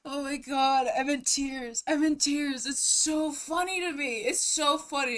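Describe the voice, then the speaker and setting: A woman's voice: high voice, fairly even intonation, a little slow, few pauses, a bit bright. A young woman streamer chatting casually on a live stream, giggling and breaking into helpless laughter as she talks.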